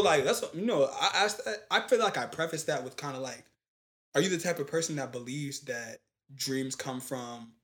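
A young man in casual chat, telling a long story in animated, slangy talk with lots of fillers. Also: mid-range voice.

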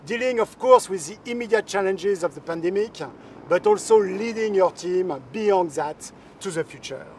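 French-accented man, high voice, toasting. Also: normal speed. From France. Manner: light joking, then formal. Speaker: company chief giving a toast. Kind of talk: video toast. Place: outdoor terrace in a city. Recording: distant mic with faint outdoor noise.

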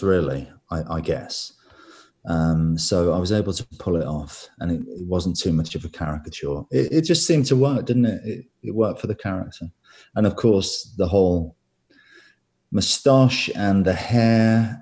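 A man with a Birmingham accent, an actor answering interview questions in a relaxed, self-deprecating way. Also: low voice. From England. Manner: relaxed, self-deprecating, laughs between thoughts. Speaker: actor, guest.

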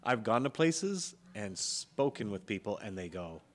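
A laid-back man with a Californian accent and a low voice talks through a podcast conversation. His delivery is relaxed and drawn out, with dry jokes. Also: a little slow. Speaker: podcast host. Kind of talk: casual chat.

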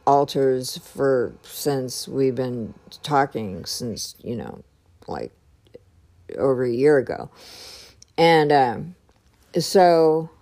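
A woman with a low, dark-toned voice tells a personal story at an unhurried pace. She speaks hesitantly and often searches for the right words, as if she is working things out aloud.

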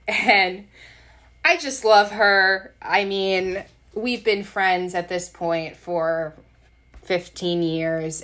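A woman's voice: lowish voice, fairly bright tone. A young adult woman hosting a podcast, telling an embarrassing personal story in a candid, self-deprecating way. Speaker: podcast host.

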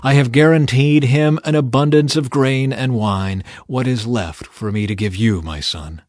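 A man voicing an old blind father who speaks blessings slowly and gravely in a Bible reading. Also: medium pitch, a little mellow, dry recording, studio quality, lightly acted. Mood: solemn. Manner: slow, solemn, pronouncing blessings.

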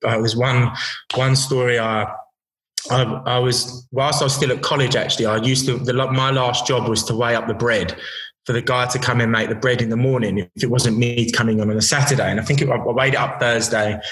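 A man's voice: mid-range voice, steady tone, a little fast, a bit bright. A man in his thirties, a chef, telling kitchen stories in casual podcast chat, blunt and swearing freely with many restarts. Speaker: chef guest. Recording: roomy echo.

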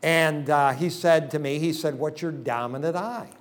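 A man's voice: fairly high pitch, moderate pace. A man preaching a revival sermon to a congregation in a church, telling folksy jokes and leading the audience through a hands-on exercise. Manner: folksy, joking storyteller. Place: church service.

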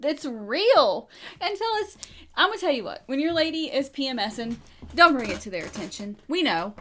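A woman's voice: high voice, sing-song, moderate pace, bright, forceful tone, a little hiss or hum. Blunt, frank woman guest. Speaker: podcast guest. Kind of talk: casual podcast chat.

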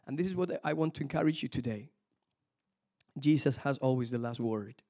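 Preacher man giving a lively sermon. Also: medium pitch, a little fast. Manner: animated, exclamations of hallelujah, some restarts.

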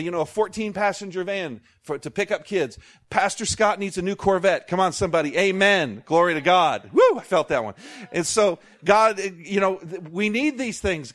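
A man preaching a sermon as pastor, animated, with jokey asides and call-outs to the congregation. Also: high voice.

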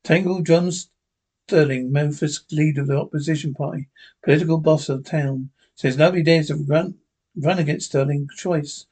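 A man reading a western radio play aloud, speaker names and sound cues included, in a halting way. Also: fairly high pitch, steady tone, darkish tone, slightly rough.

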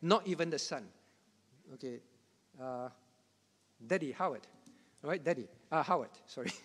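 A man teaches scripture to his congregation in a fairly high voice, hammering points home through repetition and breaking into chuckling asides. His voice rings out with a long reverb, as if from a church hall. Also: expressive, normal speed, a bit bright, breathy edge. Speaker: pastor.

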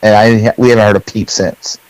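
A man's voice: on the low side, little pitch movement, brisk, darkish tone, clear, resonant tone, dry recording, rough recording. A middle-aged man, a podcast co-host, telling a long story in casual chat, rambling with fillers and acting out his own lines.

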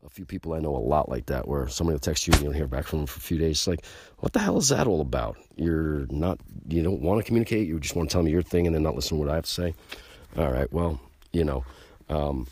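A man hosting a podcast, delivering a brash, boastful and profane rant that gets louder and higher when he is worked up. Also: breathy edge, dry recording, clean studio sound. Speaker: podcast host. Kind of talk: ranting podcast monologue.

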